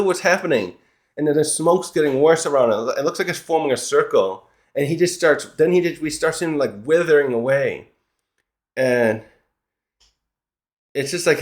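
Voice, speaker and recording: A man giving a casual recap commentary of a comic chapter, rambling and often correcting himself. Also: on the high side. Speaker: manga chapter reviewer.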